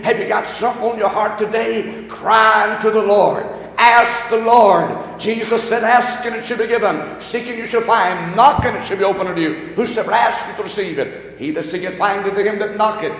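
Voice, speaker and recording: A man preaching a sermon as pastor, calling on the congregation to answer and rising into shouts. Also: high-pitched. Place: church sanctuary. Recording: echoey hall.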